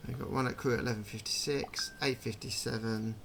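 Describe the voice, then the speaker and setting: A man talks through a game in a loose, chatty way, wondering aloud at what he sees. His voice has a gravelly edge and sits at an ordinary pitch. Steady noise hums behind him throughout. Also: brisk. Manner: chatty, musing aloud, puzzled asides. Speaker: gaming channel host. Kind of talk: casual game commentary.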